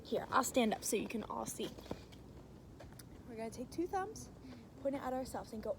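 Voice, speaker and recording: A woman's voice: high voice, animated, normal speed, pauses often, a little hiss or hum. A woman teaching a children's scripture lesson, upbeat and encouraging as she talks to the kids.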